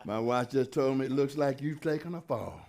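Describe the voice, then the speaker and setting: A man preaching a sermon as pastor, fervent and conversational, building to shouted peaks with folksy asides. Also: mid-range voice, brisk, creaky, a crowd in the background.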